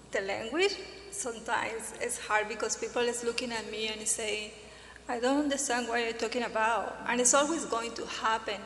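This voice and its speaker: A woman answers on a community panel in earnest, choosing her words hesitantly in a second language. Her voice sits a little high. The church hall gives her speech an echo with faint noise behind it. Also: fairly bright tone. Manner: earnest, speaks hesitantly in non-native English. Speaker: immigrant panelist.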